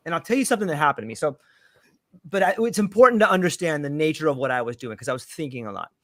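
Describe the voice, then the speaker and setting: A man telling a story in a casual chat, lively and acting out the voices of the people in it. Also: on the high side, rapid-fire, dry recording, clean studio sound. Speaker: panel guest telling a story.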